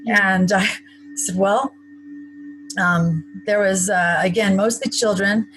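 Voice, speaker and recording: A woman tells a personal story to an interviewer in a chatty, matter-of-fact manner, dropping in wry asides. Her pitch sits in a middle range for a woman, and a faint hiss runs beneath her voice. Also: steady tone, slow pace, fairly bright tone, poor audio. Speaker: interview guest. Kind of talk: recounting a personal story in conversation.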